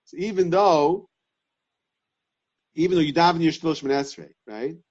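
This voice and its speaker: A man giving a Talmudic lesson, reasoning aloud in halting, repeated phrases. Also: fairly high pitch, darkish tone, husky. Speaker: Torah class teacher. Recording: dull lo-fi sound.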